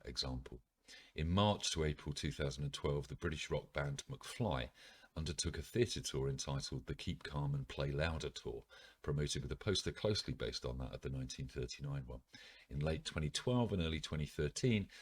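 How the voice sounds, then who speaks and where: A man's voice: a bass voice, slightly rough. A man from the United Kingdom reading articles aloud as a podcast host, with frequent ums and wry ironic asides.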